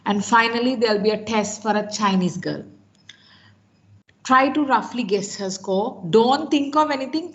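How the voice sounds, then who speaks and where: Woman, Sri Lankan English accent, instructive teacher, keeps asking "right?", mid pitch, dull lo-fi sound. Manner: instructive, checks in with frequent "right?". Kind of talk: online class lecture.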